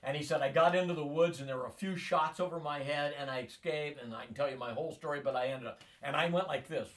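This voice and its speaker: A man's voice: fairly high pitch, quick pace, far from the mic. A man in his sixties telling long personal stories in a rambling way, acting out the voices of people he quotes. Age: 60s. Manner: animated, acts out quoted voices. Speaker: interviewee.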